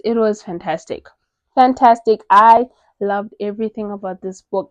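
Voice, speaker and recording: A woman's voice: medium pitch, moderate pace, no echo. Gushing young woman raving about books. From South Africa. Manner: gushing, animated, filler-heavy with many "like"s. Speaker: book reviewer. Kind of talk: casual book recommendation vlog.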